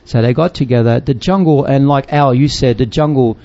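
A man's voice: mid-range voice, a little fast, dark tone. An older man, a missionary, telling a story in a casual chat, acting out voices and laughing often. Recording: dull lo-fi sound.

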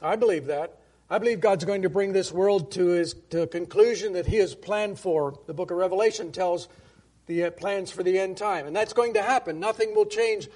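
A man preaching a Bible-study sermon, talking conversationally with restarts and questions to the congregation, and reading scripture slowly and with emphasis. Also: sits high, a little mellow. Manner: reads King James scripture slowly and emphatically.

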